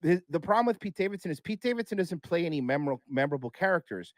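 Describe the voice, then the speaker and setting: A man's voice: a little high, animated, racing, no echo. A man talking as a podcast guest in casual chat, blunt and profane, rambling with restarts.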